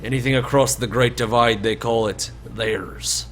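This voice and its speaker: A man voicing a jovial, shifty male dwarf guide who talks in a folksy, hushed way. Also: mid-range voice, fairly even intonation, moderate pace, faint music behind, close to an everyday voice.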